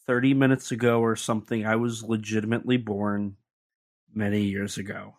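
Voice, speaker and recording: A man co-hosting a podcast in casual chat, rambling and jumping up in pitch when surprised. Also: fairly quick. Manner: rambling, animated pitch jumps. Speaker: podcast co-host.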